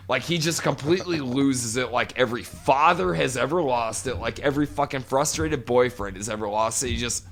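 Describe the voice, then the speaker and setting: A man's voice: mid-range voice, lively intonation, normal speed, creaky, a bit bright. A man in his forties co-hosting a podcast, telling a long profane story in casual chat. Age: 40s. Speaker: podcast co-host.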